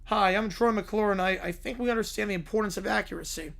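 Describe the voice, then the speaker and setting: A hoarse man voicing a smarmy, chipper middle-aged cartoon actor who gives slow showbiz introductions. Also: sits high, a bit bright.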